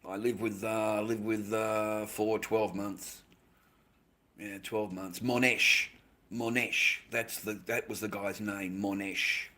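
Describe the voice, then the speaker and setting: A man's voice: lowish voice, little pitch movement, slow pace. An Australian man livestreaming, rambling in casual chat, swearing constantly and ending his lines with "mate".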